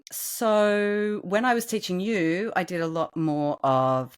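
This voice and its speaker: A woman's voice: lowish voice, fairly even intonation, unhurried, hardly any pauses. Candid woman, voice coach. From Australia. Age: middle-aged. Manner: laughing, candid. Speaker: voice and dialect coach. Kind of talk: casual interview chat.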